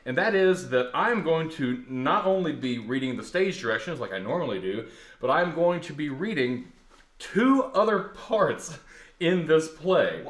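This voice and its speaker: A man from the US Deep South hosting a podcast, laughing, rambling and self-mocking as he introduces a play reading. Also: animated, unhurried. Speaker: podcast host. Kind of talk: casual chat and play introduction. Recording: roomy echo.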